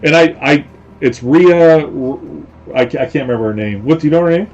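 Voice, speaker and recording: Rambling live-stream host, slightly muffled. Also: male voice, fairly high pitch, lively intonation, fairly quick, darkish tone, a little hiss or hum. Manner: rambling with many fillers and repeated phrases. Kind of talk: casual live-stream chat.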